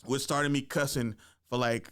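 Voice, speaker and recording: A young man hosting a podcast, telling a story in a casual, animated way, full of slang and swearing, acting out what people said. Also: medium pitch, moderate pace, clear, resonant tone. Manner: animated, acts out quotes, swears freely, slangy. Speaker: podcast host.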